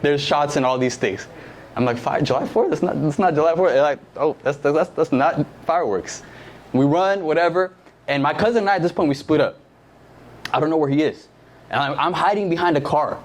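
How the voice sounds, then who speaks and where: Young male youth pastor, casual storytelling sermon, slightly high voice, faint room noise. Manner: conversational, heavy use of "like", lively anecdotes.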